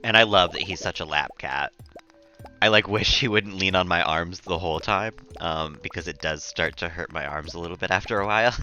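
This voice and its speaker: A male streamer talks casually through his gameplay, rambling and chuckling as he goes. His voice sits very low yet cuts through with a crisp, forceful brightness. Faint music plays behind him. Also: a little fast, muffled recording. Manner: relaxed, rambling, chuckles often.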